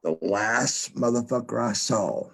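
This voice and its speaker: A man's voice: mid-range voice, unhurried, vocal fry, slightly rough. A man telling a story as a podcast guest, stammering, repeating himself and swearing often. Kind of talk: casual storytelling.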